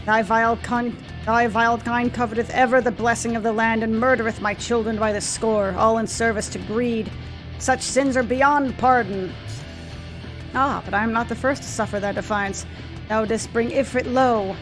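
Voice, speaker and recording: A woman voicing a huge, wrathful male earth god in a video game, with slow, grand, archaic accusations. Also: on the high side, fairly even intonation, over music, natural voice, rough recording.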